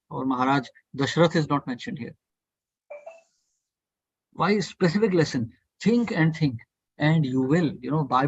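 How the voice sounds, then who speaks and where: A man teaches a devotional scripture study class in an earnest, provocative way, repeating his points to push listeners to think. His voice is husky and sits a little high. The sound is dry and muffled, like an online call. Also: no room sound. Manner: earnest, provocative, repetitive urging. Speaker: study group speaker.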